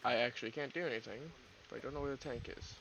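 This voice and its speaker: A man's voice: medium pitch, steady tone, rapid-fire, gravelly, crowd noise. A man giving casual, jokey gameplay commentary with friends, swearing often. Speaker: gaming streamer.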